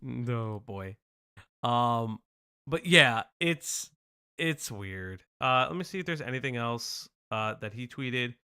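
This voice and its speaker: Young guy streamer reading stuff out, bouncy voice, swears a lot, bright tone. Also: mid-range voice, slow, clean tone. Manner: animated, swearing, prone to joking asides. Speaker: stream host. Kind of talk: casual live-stream chat, reading news aloud.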